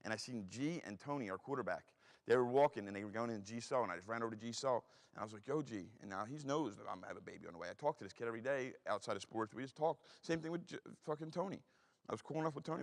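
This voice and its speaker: East coast guy in his 40s, rapid-fire cussing storyteller, big echoey hall. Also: mid-range voice. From Philadelphia. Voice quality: blunt, heavily profane, rapid street talk. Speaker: guest speaker. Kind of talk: storytelling talk. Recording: reverberant hall.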